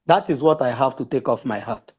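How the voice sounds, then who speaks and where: A man's voice: mid-range voice, fairly quick, a little mellow, husky. A man speaking fervently and declaiming to a live audio room.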